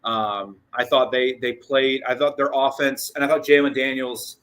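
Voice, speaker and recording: A man with a bright, forward voice talks through a casual postgame show as its host. He rambles excitedly, restarting sentences and doubling up on words, and he sounds a bit out of breath. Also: mid-range voice, normal speed, low-quality recording. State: short of breath. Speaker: sports podcast host.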